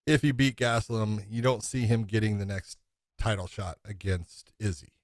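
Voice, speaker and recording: A man's voice: on the low side, steady tone, normal speed, no room sound, clean studio sound. A man co-hosting a podcast, talking casually and at length about fights, with frequent "you know" fillers. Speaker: podcast co-host. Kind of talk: casual MMA chat.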